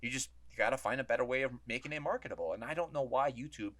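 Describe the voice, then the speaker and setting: A man's voice: mid-range voice, very fast, fairly bright tone. A man on a podcast as a guest, ranting heatedly in casual chat and swearing often.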